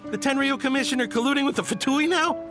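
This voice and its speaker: An actor voicing a nervous, evasive island trader in a video game who stammers and laughs nervously. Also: male voice, very high-pitched, fast talker, music in the background. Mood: flustered.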